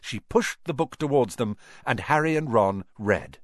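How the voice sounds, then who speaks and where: Expressive male audiobook narrator. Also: mid-range voice, measured pace, few pauses, no room sound, studio quality. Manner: lively, expressive reading. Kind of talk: scripted narration.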